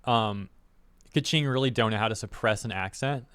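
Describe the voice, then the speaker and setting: A man's voice: fairly low pitch, normal speed, fairly bright tone, clear, resonant tone. A man giving casual reaction commentary as a streamer, rambling and exasperated, with lots of "like" fillers.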